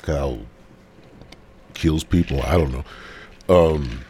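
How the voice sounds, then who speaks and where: A man's voice: extremely low pitch, slow pace, dark tone, a little hiss or hum. A man hosting a podcast solo, rambling and cursing in a casual, stoned rant while a bit sick. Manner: rambling, profane, sighing. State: sick with a cold. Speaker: podcast host.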